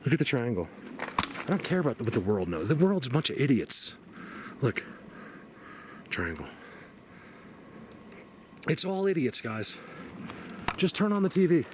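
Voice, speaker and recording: Out-of-breath man vlogging on a forest trail, excitable and rambling, occasional hushed whispers, noisy camera mic. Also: mid-range voice, a little slow, long pauses. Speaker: outdoor vlogger searching for Bigfoot. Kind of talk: casual walking vlog to camera. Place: forest outdoors.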